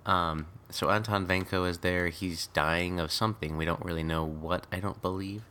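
A man with a deep voice talks through a film scene by scene in a relaxed chat. His tone has a bright, forward edge, and he breaks into laughter often as he pokes fun at the acting. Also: moderate pace. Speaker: podcast co-host. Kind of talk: casual movie recap chat.

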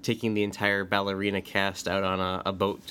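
A man co-hosting a podcast chats casually and talkatively about a movie, quoting scenes in put-on voices. His low-pitched voice is sharp in tone, fairly quick, and otherwise completely flat, with faint background noise.

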